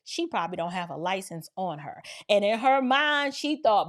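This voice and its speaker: A middle-aged woman hosting a reaction video, telling stories in a casual, animated, colloquial way. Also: a little high, normal speed, few pauses. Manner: animated, colloquial, acts out quotes. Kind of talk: casual commentary and storytelling.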